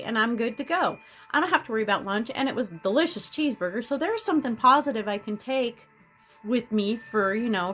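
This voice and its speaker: Rambling, animated woman vlogger. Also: on the high side. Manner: rambling, many restarts and fillers; animated storytelling. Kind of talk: casual self-help monologue.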